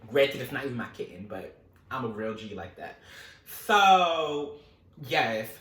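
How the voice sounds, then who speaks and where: A man telling a wild true story in a casual vlog, animated and profane. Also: medium pitch, a little slow, reverberant, recorded from a distance. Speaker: storytelling host.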